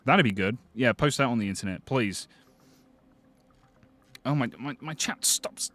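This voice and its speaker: A British man hosting a live stream, chatting casually with viewers, excitable and swearing freely. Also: medium pitch, measured pace. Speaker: livestream host.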